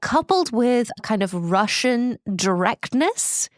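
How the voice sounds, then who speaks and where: A woman's voice: a little high, sing-song, slow pace, dry recording, clean studio sound. A woman co-hosting a podcast, speaking in a wry, thoughtful way and laughing often. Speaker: podcast co-host. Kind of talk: casual chat.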